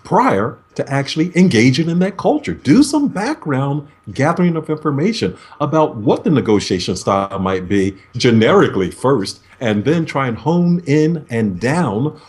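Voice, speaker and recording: A man being interviewed as a negotiation expert over a video call, explaining in a measured way and acting out sample phone greetings. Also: mid-range voice, big pitch swings, a little mellow.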